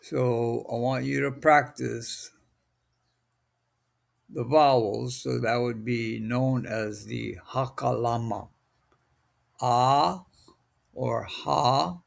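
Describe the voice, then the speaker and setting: A man from Hawaii giving a recorded language lesson, slow, deliberate and patient, drawing out each sound. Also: medium pitch, fairly even intonation, gravelly. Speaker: language teacher.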